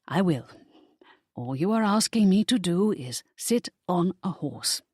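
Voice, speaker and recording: A woman's voice: lowish voice, animated, unhurried, darkish tone, breathy edge, no room sound, clean studio sound, voice pushed up. An audiobook reader voicing a timid young noblewoman who talks in a shaky, anxious way. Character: timid young noblewoman, fearful, self-doubting.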